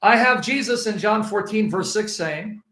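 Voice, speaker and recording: Insistent high-voiced man arguing in an echoey room. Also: moderate pace, pushed and bright. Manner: emphatic, insistent, quotes scripture with rising force. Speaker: Christian apologist. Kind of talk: debating religion with a listener.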